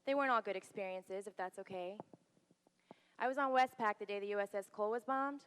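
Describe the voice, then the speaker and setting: A woman's voice: mid-range voice, a little fast, clean tone. Woman vet telling her navy story on stage, candid, acts out quotes, echoey hall. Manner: candid, quotes others in lively voices. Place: theater stage. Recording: hall reverb.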